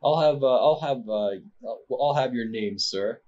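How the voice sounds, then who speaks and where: A man's voice: on the low side, expressive, fairly quick, breathy edge, lo-fi sound. A man voicing a haughty, rude nobleman who sneers at and berates the people around him. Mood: scornful.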